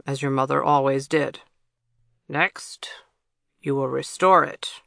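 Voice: mid-range voice, vocal fry, pushed and bright, dry recording, clean studio sound, exaggerated voice. A storybook narrator voicing a stern male chief guardian who speaks firmly and with authority. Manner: firm, authoritative.

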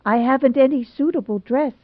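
Casting: woman as a timid young bride, high, breathless and pleading, on a tinny dry line. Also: a little fast, no echo, natural voice. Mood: fretful. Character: timid plump young bride, tearful and fretful. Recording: dry tinny phone-like sound.

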